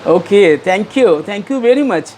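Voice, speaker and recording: A man's voice: high-pitched, animated, moderate pace, darkish tone, slight background noise. A middle-aged man, interviewed as an author, answers earnestly and hesitantly with many fillers and repeats, and reads aloud from his book.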